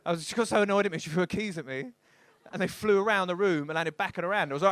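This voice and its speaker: A young man doing a rambling, animated stand-up routine on a comedy club stage, bursting into loud shouts. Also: sits high, rapid-fire.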